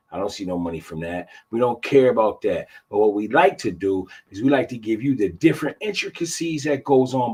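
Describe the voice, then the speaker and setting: A fifty-year-old man with a husky, slightly raspy voice hosts a live podcast in casual talk. He speaks with a laid-back drawl. He keeps repeating phrases and talks straight to his listeners as y'all. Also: fairly low pitch, darkish tone. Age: 50s. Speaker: podcast host.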